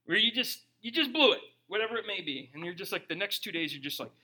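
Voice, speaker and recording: A male pastor preaches with a high, very bright and ringing voice. He keeps the sermon casual and joking, and slips into short acted-out quotes as he goes. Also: lively intonation, fast. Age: young adult or middle-aged, a parent.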